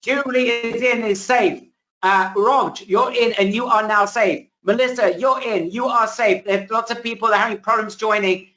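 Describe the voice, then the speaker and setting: A man hosting a live webinar, pitching energetically and repeating himself, losing his voice a little. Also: steady tone, normal speed, pushed and bright, low-quality recording. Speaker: webinar host. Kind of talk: hyped live sales pitch. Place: home, indoors.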